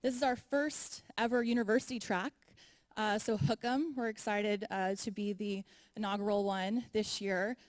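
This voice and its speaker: A woman's voice: mid-range voice, fairly even intonation, normal speed. A woman moderating a university panel, upbeat and chatty as she introduces the speakers. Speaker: moderator, program manager. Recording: reverberant hall.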